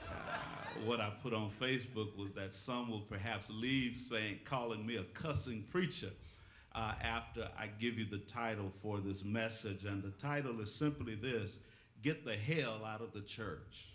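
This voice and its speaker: A man's voice: on the low side, moderate pace, a bit bright, echoey room. A male pastor preaching a call-and-response sermon, rhythmic and calling on the congregation for witnesses. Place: church sanctuary.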